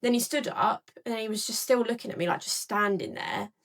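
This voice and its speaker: A woman's voice: on the high side, fairly quick, fairly bright tone. A young woman casually recounting an experience, with lots of filler words. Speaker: storyteller in a clip. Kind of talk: casual storytelling.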